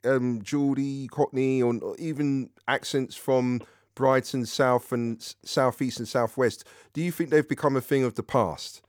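A man's voice: medium pitch, steady tone, measured pace, dry recording, clean studio sound. A male radio presenter chatting in a friendly way with a caller and using lots of fillers. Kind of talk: radio phone-in chat.

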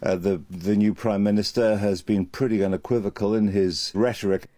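A male international correspondent giving news analysis. His voice is low and mellow. He speaks thoughtfully and pauses now and then. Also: fairly even intonation, no echo, clean studio sound.

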